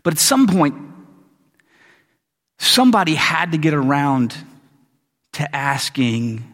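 A man's voice: a little high, sing-song, slow pace, fairly bright tone. A man preaching a sermon as a pastor, retelling the story in a loose, joking way with casual asides. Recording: long hall reverb.

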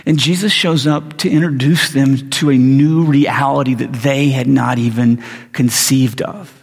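A man's voice: mid-range voice, steady tone, unhurried, vocal fry, husky. A man giving a sermon, retelling a story in a casual, conversational way with slangy asides. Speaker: preacher. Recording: long reverb of a large hall.

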